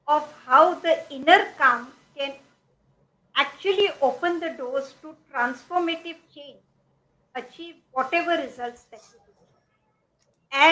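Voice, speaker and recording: A middle-aged woman with an Indian English accent, a guest coach giving measured, explanatory motivational advice with examples and quotes. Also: sits high, a bit bright, poor audio. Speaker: guest speaker, life coach. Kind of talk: motivational interview talk.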